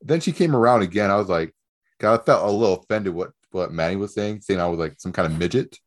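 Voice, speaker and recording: A man's voice: sits low, fast. A young man in casual chat, telling stories with frequent laughs and casual swearing.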